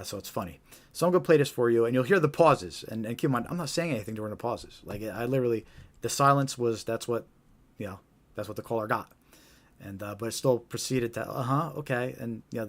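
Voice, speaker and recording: A man's voice: medium pitch, a little fast. A man hosting a live stream, explaining things casually and often asking "right?". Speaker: host.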